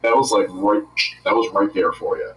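A man hosting a casual interview, playful and quick to laugh. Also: low voice, fairly bright tone, echoey room, distant mic, soft background music, rough recording. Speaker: podcast host.

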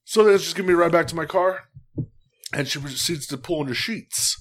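A young man casually telling a story, animated and swearing freely. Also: fairly high pitch, brisk. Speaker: guest.

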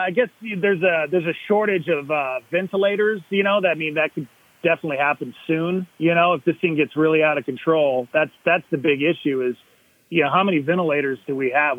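A man co-hosting a casual podcast, rambling with lots of fillers and getting excited about good news. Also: fairly high pitch, dry recording. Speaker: podcast co-host. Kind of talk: casual chat. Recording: dry, tinny phone-like sound.

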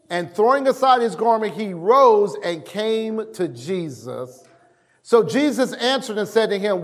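A man preaching a sermon, reading scripture aloud and acting out the voices with emphatic, drawn-out delivery. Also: sits high, expressive. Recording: long hall reverb.

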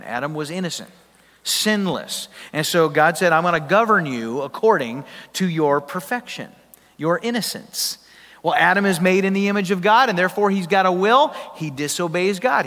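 A pastor preaching a sermon in a conversational, emphatic way, asking the congregation questions. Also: male voice, fairly high pitch, fairly bright tone. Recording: long hall reverb.

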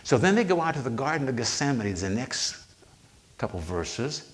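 A man preaching a sermon, retelling scripture with slow, emphatic pauses on quoted lines. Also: medium pitch, big pitch swings.

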